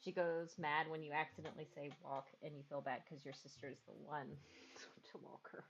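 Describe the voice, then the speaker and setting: A woman's voice: low-pitched, steady tone, a little fast, vocal fry, a little hiss or hum. A woman streaming a video game in casual chat, rambling about decorating and cooing to her dogs. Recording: dull lo-fi stream audio with game music.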